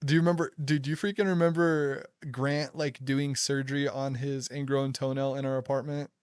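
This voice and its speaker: A man's voice: mid-range voice, brisk, clear, resonant tone, dry recording, studio quality. A young man hosting a casual chat, telling stories with frequent laughter. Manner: laughs a lot, excitable storytelling. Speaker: podcast host.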